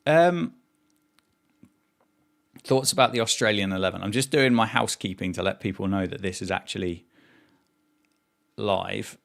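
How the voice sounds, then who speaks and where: A man's voice: fairly low pitch, moderate pace, vocal fry, long pauses. A man, hosting a live cricket watchalong stream, chatting casually, reading out viewers' messages and reacting to the play. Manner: chatty, reads chat aloud and reacts to play. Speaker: livestream host.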